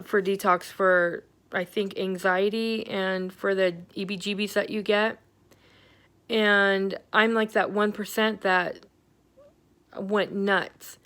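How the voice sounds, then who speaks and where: A woman's voice: mid-range voice, a bit bright, clear, resonant tone. A middle-aged woman giving a candid, rambling health update on her vlog, venting with lots of fillers. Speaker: vlogger.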